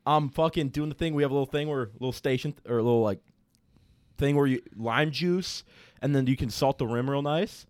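A man's voice: mid-range voice, a little fast, a little mellow, no echo. A young man casually telling a rambling, profanity-laden story as a podcast co-host, with many restarts. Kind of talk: casual chat.

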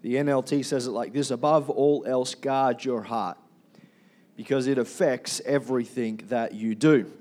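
A man's voice: medium pitch, steady tone, moderate pace, few pauses, a little mellow. A man preaching a Sunday sermon as pastor, chatty and conversational, asking the congregation questions and calling for amens. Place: church.

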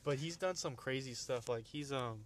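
A man's voice: mid-range voice, moderate pace, slight background noise. A young man casually retelling funny videos, rambling with restarts, laughing often and using plenty of slang. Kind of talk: casual storytelling chat.

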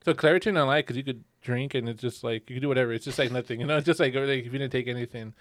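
A man's voice: medium pitch, racing, dry recording. A young man co-hosting a podcast, telling stories casually with many fillers and acted-out quotes. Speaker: podcast co-host. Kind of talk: casual chat.

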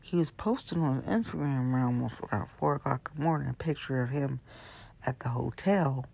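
A show host chatting casually and at length about the news, rambling and often dropping into hushed asides. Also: medium pitch, a little fast, vocal fry, breathy edge. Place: Hamilton County area.

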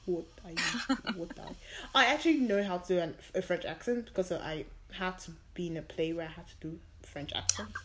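A young woman co-hosting a casual podcast, telling animated stories and laughing often. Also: on the low side, a little fast, hardly any pauses, a little hiss or hum. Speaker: podcast co-host. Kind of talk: casual chat.

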